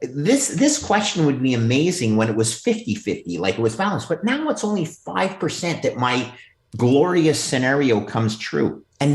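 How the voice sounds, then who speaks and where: A man chatting casually as a guest on a video call, emphatic and animated. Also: fairly high pitch, reverberant. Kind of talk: casual chat.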